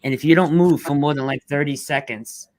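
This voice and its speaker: A middle-aged man, a rescue worker telling his story in an interview, blunt and halting, fighting back tears. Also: on the high side, steady tone, a little mellow, no room sound. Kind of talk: emotional storytelling.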